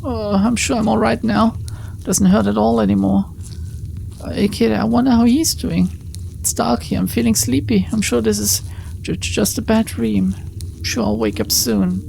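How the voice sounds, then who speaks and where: A woman's voice: a little high, fairly even intonation, normal speed, creaky, warm tone, slight background noise, pitched above the performer's own voice. A woman reading aloud as a frightened young woman detective hiding from a monster in a game, stammering and pleading. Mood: dazed. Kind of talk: reading a visual novel's lines aloud.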